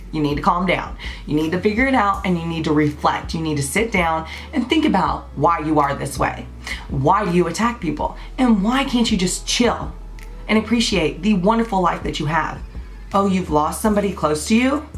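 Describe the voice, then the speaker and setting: A woman's voice: lowish voice, normal speed, soft background music. Blunt, passionate woman in her twenties. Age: 20s. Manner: blunt, passionate, swears freely. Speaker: vlogger. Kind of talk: unscripted birthday rant to camera.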